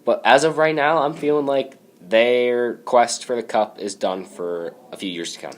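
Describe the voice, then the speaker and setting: A man's voice: medium pitch, normal speed. A young man co-hosting a casual podcast, teasing with short emphatic quips. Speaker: podcast co-host.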